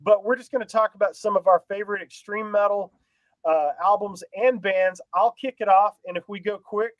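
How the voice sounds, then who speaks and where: A man's voice: high voice, steady tone, normal speed, dry recording, highs cut off. A man co-hosting a casual podcast chat, rambling and self-deprecating, laughing often. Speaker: podcast co-host.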